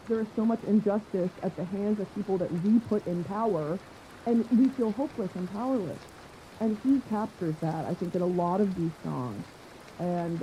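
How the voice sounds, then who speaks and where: A woman's voice: fairly low pitch, warm tone, a little hiss or hum, low-quality recording. A woman hosting a podcast in casual chat, rambling enthusiastically and swearing often. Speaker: podcast host. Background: faint rain.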